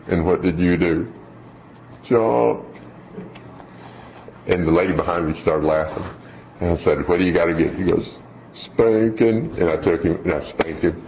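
A man's voice: low voice, darkish tone. A man casually telling a folksy, rambling story about his children, chuckling as he goes. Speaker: father telling a family story. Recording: dull lo-fi recording with faint background hiss.

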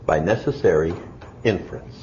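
A man's voice: low voice, normal speed, darkish tone, a little hiss or hum. A man preaching a sermon, putting mock questions to himself and answering them. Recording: echoey, dull lo-fi room recording.

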